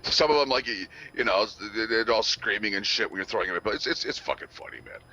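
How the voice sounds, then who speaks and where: A man's voice: lowish voice, fast, bright, forceful tone, low-quality recording. A man co-hosting a casual podcast, rambling with lots of fillers and swearing. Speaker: podcast co-host. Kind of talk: casual chat.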